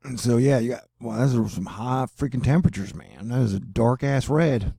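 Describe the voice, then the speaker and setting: Gravelly middle-aged guy doing his weather vlog, rambly and goofy, dry close mic. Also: mid-range voice, normal speed, mellow, dry recording. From United States. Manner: rambling, jokey, frequent fillers. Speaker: weather video host. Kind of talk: rambling casual vlog commentary.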